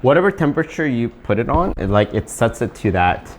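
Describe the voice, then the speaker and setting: A man's voice: medium pitch, big pitch swings, brisk, background noise. A man co-hosting a home cooking video, talking through the cooking and tasting in an easygoing way. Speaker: cooking channel co-host. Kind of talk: casual chat while cooking and eating.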